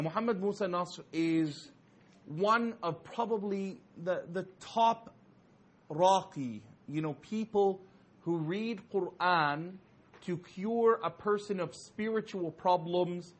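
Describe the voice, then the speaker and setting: A man telling a story to an audience in a lively talk, often laughing and saying "you know". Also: high-pitched, takes it slowly.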